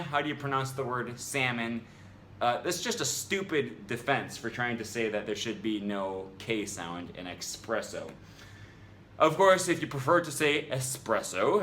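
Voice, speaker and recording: Exasperated man rebutting with lively pitch. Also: a little hiss or hum. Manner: argumentative, exasperated, with frequent ums. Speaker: language vlogger. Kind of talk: rebuttal commentary vlog.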